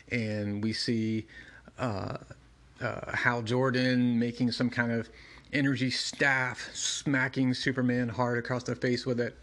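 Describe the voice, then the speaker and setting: A man's voice: medium pitch, level tone, slow, fairly bright tone. A man casually narrating and commenting on a comic book, conversational with fillers and side remarks. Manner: conversational, many fillers and asides. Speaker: comic book reviewer and reader.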